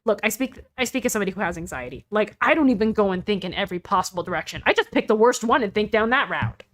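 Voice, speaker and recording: A woman chatting casually in reaction to a story, talking in a rambling way full of "like" and softening her opinions. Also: mid-range voice, expressive, quick pace.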